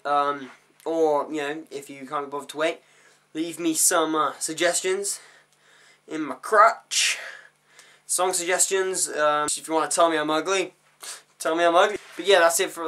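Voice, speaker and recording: A young man recording a random, jokey vlog to his camera at night, mumbling asides and then shouting punchlines. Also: on the high side. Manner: goofy, jumps between mumbles and sudden shouts. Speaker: vlogger. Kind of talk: random comedic vlog talk.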